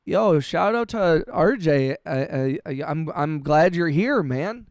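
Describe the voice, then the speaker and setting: A man with a raised, clear, resonant voice chats live with his viewers, full of "bro" and "dude". He stumbles and restarts often, and swears freely. The sound is dry and close, with no room echo. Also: a little high, animated, slow pace. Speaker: livestreaming music producer. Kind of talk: casual livestream chat, reading chat messages.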